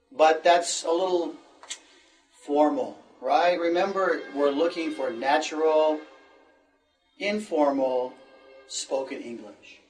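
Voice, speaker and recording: Slow-talking American man teaching English. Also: on the high side, a little mellow, recorded from a distance, soft background music, low-quality recording. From United States. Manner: slow, patient, repeats phrases for learners. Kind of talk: classroom lesson.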